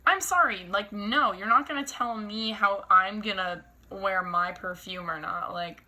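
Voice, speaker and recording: A young woman vlogger telling a storytime in a casual, animated, exasperated way, full of fillers. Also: mid-range voice, unhurried. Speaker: lifestyle vlogger.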